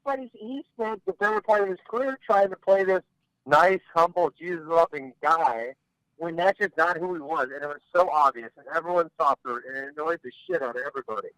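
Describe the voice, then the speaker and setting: A man's voice: on the high side, fairly quick, pushed and bright, no echo, poor audio. A man talking bluntly as a podcast guest, rambling and restarting his sentences in casual chat. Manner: blunt, rambling, repeats words when starting.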